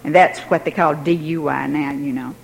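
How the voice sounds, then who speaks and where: A woman's voice: deep voice, fairly even intonation, normal speed, vocal fry, rough recording. An older woman telling a personal story in a wry, self-mocking way, laughing now and then.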